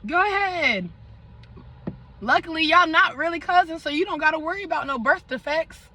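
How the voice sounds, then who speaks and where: A young woman vlogger tells a dramatic storytime with lots of slang and side comments to her audience. Her voice sits high and sounds sharp and bright. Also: quick pace, poor audio. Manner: animated, dramatic storytelling with slang and asides to viewers. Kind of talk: storytime vlog.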